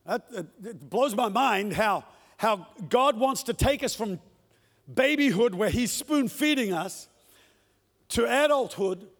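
Male preacher, fervent sermon delivery, acts out quotes; very high-pitched, long hall reverb. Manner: impassioned, acts out the lines he quotes. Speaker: pastor. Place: church hall with a congregation.

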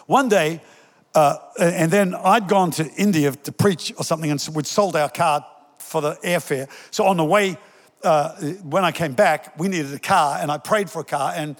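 A man's voice: high-pitched, in a large hall. An older male pastor giving a sermon in a conversational way, joking with the congregation and telling stories. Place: church hall.

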